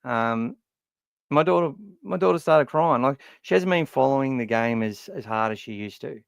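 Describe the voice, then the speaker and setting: This podcast host is a blunt, sweary Australian man chatting casually on a fan podcast from a warm room at home, his voice worn from talking all day. It's mid-range and creaky at a moderate pace, in a dry recording.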